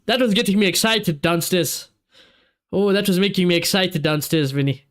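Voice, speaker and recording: Excitable high-voiced streamer. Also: male voice, moderate pace. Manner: excitable, reacts to play and reads viewer comments aloud. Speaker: streamer hosting a match watchalong. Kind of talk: live football watchalong reaction.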